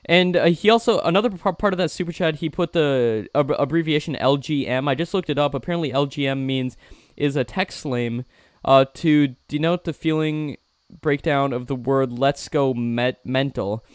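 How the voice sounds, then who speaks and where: Young male stream host, slightly raised pitch, smooth clear voice, dry sound, upbeat and effusive. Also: moderate pace, dry recording. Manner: upbeat, effusive thanks, repeats himself. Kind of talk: live-stream interview, reading viewer questions.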